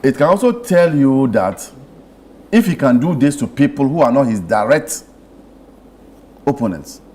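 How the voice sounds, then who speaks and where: A man's voice: mid-range voice, lively intonation, moderate pace, darkish tone. Insistent man debating. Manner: insistent, argumentative. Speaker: member of parliament guest. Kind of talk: heated panel debate. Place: TV studio.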